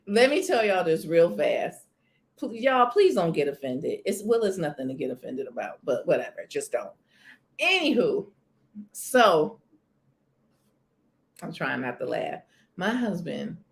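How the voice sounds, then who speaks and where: A woman chats casually on her live stream. She talks a lot and leans on words, often saying them twice. Her voice sits a little low, and her pitch swings widely from phrase to phrase. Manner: chatty, emphatic, repeats herself. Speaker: channel host.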